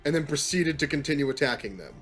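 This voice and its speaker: A man narrating as game master of a tabletop game, relaxed and often laughing as he rules on rolls. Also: on the high side, fast talker, soft background music.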